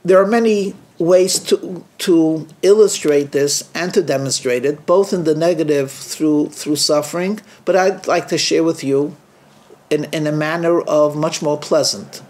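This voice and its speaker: A rabbi telling a story in a sermon, lively and acting out the people he quotes. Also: on the high side, unhurried. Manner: lively teller who acts out quoted speech.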